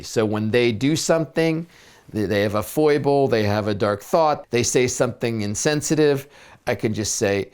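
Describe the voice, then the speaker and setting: A man talking as a therapist and spiritual coach in a reflective video blog, gentle and searching, with many fillers and restarts. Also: mid-range voice, normal speed, clear, resonant tone.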